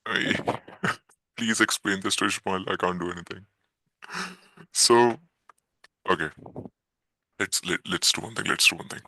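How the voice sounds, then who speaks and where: A man's voice: low-pitched, a little slow, pauses often, pushed and bright, no room sound, heavily acted, low-quality recording. A man talking to his group through a voice changer, laughing and self-conscious about it.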